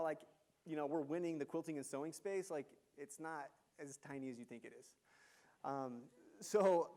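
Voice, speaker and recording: A man giving a university lecture, telling business stories in an animated way and quizzing the audience. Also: on the high side. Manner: animated storyteller, engages audience with questions. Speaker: guest lecturer, entrepreneur. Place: lecture hall.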